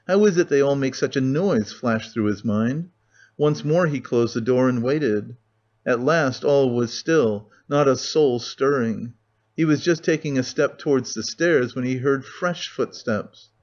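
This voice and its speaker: A man narrating an audiobook in a steady, measured reading on a dull lo-fi recording. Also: medium pitch. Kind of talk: scripted narration of a classic novel.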